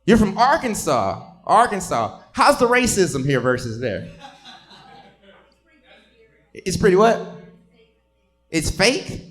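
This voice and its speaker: A man's voice: high voice, very animated, slow, long pauses, a bit bright, soft background music. A man doing profane stand-up crowd work on a comedy stage, teasing audience members.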